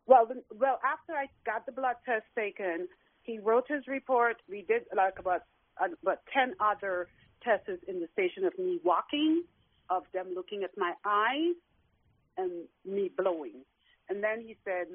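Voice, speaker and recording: A woman's voice: medium pitch, normal speed, dry recording. Middle-aged woman on a tinny phone line. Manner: earnest, emotional storytelling. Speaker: guest caller. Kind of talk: personal account on a talk show.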